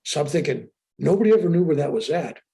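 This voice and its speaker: An older man telling a story with animated excitement as an interview guest on a video call. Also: fairly high pitch, quick pace, creaky. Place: room with a sheetrock wall.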